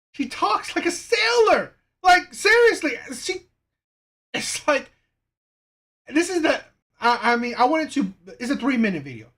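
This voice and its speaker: A woman's voice: fairly high pitch, fairly bright tone. Exasperated woman hosting reaction commentary. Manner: exasperated, critical, with many false starts. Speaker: reaction channel host.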